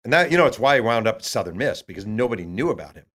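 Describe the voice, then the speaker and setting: A man, an author guest in an interview, telling stories in a lively way and acting out what others said. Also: on the low side, racing. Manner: acts out quotes of others, many fillers. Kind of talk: animated storytelling.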